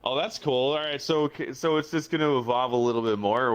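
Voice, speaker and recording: A man's voice: medium pitch, clean tone, faint music behind. A man hosting an interview, enthusiastic and chatty, often stopping and restarting his sentences. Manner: enthusiastic, halting, many restarts. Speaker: host. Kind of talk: casual interview chat.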